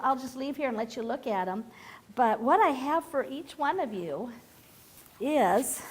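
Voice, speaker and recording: A fairly high-voiced woman reads a picture book to a group of children indoors, with faint noise behind her. She is animated and playful and keeps turning to her young listeners with questions. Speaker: children's storyteller.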